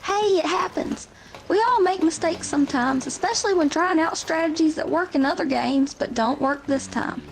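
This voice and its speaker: A woman's voice acting as an AI co-host, calmly and wordily restating what the player says. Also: high-pitched, normal speed, gravelly, noisy background. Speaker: AI chat companion co-host. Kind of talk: reflective listening commentary.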